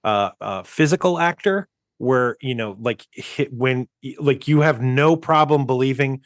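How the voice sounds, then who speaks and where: A man's voice: mid-range voice, a little slow, no echo, studio quality. A man co-hosting a movie podcast in casual chat, rambling with many restarts and chuckles. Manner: rambling, restarts often, chuckles while talking. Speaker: podcast co-host.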